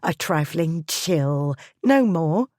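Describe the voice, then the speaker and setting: A scheming aunt waves off worries in a brisk, dismissive, rough-spoken voice, as a woman narrator puts her on. The voice sits fairly low and mellow in a dry, close recording. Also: lively intonation, no room sound. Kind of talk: audiobook character voice.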